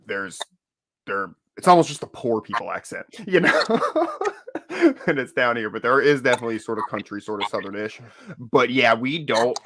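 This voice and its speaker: A man from Florida chatting casually as a podcast host, telling animated stories and laughing often. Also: mid-range voice. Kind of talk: casual chat.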